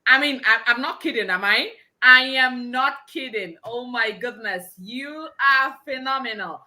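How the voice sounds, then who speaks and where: A woman's voice: a little high, unhurried, bright, forceful tone. A woman hosting a live conference, exuberant and exclaiming, laughing often. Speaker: conference host. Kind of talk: energetic live event hosting.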